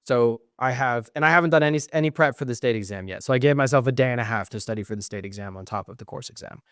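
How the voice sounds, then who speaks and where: A man's voice: mid-range voice, fast talker, smooth, no echo, studio quality. A young man co-hosting a podcast, telling a long casual story with swearing and acted-out dialogue. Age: young adult. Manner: animated, profane, acts out quoted exchanges. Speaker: podcast co-host.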